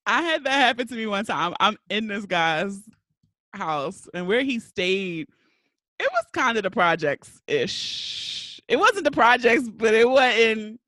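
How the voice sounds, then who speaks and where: A woman from Baltimore hosts a podcast and tells a story in casual chat, laughing her way through it. Her voice is high, bright and swings widely in pitch. The mic sits close, with no room sound. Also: sing-song, takes it slowly, no room sound. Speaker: podcast host.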